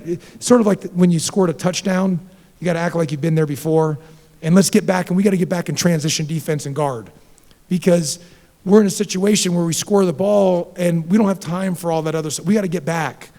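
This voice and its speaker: A middle-aged man, a basketball head coach, answering questions at a post-game press conference in a direct, animated way, with many restarts and repeated words. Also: on the high side, big-room sound.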